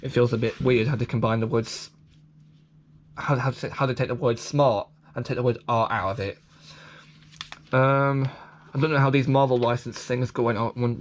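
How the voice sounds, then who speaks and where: A man talks his way through a toy catalogue in loose, rambling commentary. He trips over restarts and keeps apologising for his own jokes. His voice sits at an ordinary middle pitch over a faint home hiss. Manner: rambling, stumbling restarts, self-deprecating asides. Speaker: vlogger reviewing a toy catalogue.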